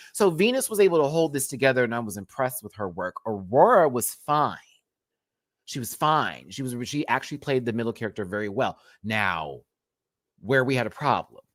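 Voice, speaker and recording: A man with a Southern American accent talks through a reality TV episode in a loose, chatty way. His pitch leaps and dips as he laughs along. The sound is close and dry. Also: no echo. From Southern United States. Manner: animated, chatty, laughs often. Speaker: reality TV reviewer. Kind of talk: casual review commentary.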